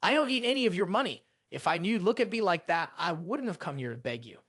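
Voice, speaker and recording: A storybook narrator voicing a proud hunter father, indignant and close to shouting, with lively pitch. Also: fast, breathy edge. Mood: angry.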